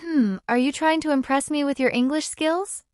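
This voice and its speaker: A woman's voice: high voice, moderate pace, a little mellow, no room sound, clean studio sound, natural voice. A woman voicing a friendly, playful teenage girl from America with an American accent.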